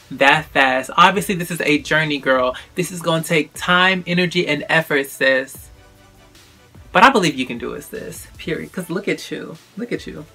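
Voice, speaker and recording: A young man talking casually to camera, sassy and animated, calling the viewer sis and girl. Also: on the high side. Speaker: vlogger.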